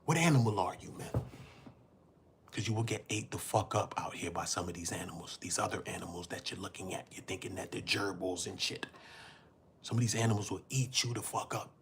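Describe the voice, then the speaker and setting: A man with a low-pitched voice holds forth on his livestream, cursing freely and talking in street slang. He lectures his chat like a preacher. A faint background hiss sits under the voice. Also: fairly quick. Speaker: livestream host. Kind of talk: casual livestream rant.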